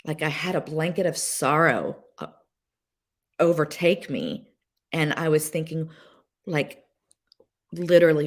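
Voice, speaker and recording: A woman guest sharing a personal story on a podcast, emotional and halting, with many fillers and restarts. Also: low-pitched. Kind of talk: candid personal testimony.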